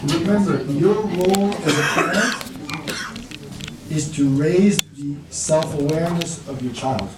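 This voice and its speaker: A man with a fairly high voice gives an unhurried, interactive parenting workshop, talking with his audience and voicing parents and children alike. It's recorded in an echoey room from a distant mic, with background noise.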